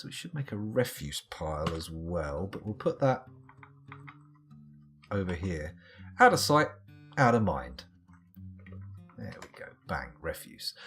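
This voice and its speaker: British male streamer, low voice with a lively swing, wry rambling play-by-play, soft guitar behind. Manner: rambling, self-mocking, dry asides. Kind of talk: live gameplay commentary.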